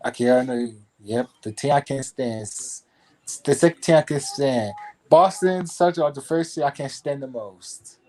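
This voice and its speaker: A man from California in a casual sports chat, agreeing quickly and repeating himself as he talks. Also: medium pitch, darkish tone.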